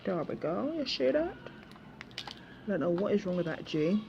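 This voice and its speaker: A craft vlogger talks to her viewers at an outdoor table while working, her mid-range voice sing-song and moderately paced with some vocal fry. She makes self-mocking asides in this chatty video. The recording has background noise, and its highs are cut off.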